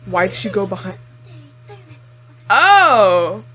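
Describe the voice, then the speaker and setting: A woman's voice: medium pitch, slow pace, breathy edge. Chatty woman reacting to anime. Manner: chatty and expressive, heavy use of "like"; laughs often, exclaims at the screen. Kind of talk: casual reaction commentary.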